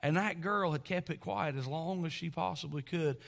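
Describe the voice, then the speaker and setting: High, bright-voiced preacher man. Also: normal speed, gravelly. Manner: folksy, animated storytelling with acted-out voices. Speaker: pastor. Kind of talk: sermon with storytelling.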